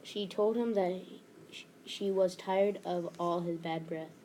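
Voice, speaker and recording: A woman's voice: fairly low pitch, steady tone, unhurried, warm tone, low-quality recording. A woman reading a story aloud as one of several narrators, plain with small stumbles. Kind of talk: group read-aloud narration. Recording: clear background noise.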